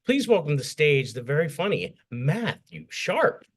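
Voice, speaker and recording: Man host, fairly high voice, upbeat emcee patter between comics. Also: big pitch swings, slightly rough. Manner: upbeat, quick asides between acts. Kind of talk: introducing comedians.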